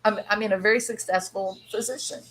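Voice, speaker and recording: A woman's voice: medium pitch, fairly even intonation, brisk, a bit bright, a little hiss or hum, low-quality recording. A woman hosting a podcast, explaining ideas in a chatty way, laughing now and then and acting out quoted voices. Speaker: podcast host. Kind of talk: casual explanatory monologue.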